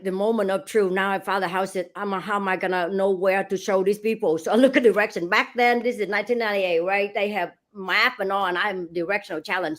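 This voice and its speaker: A middle-aged woman, a real estate agent, animatedly telling a story in an interview and acting out the dialogue. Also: medium pitch. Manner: animated, acts out dialogue, laughs while telling.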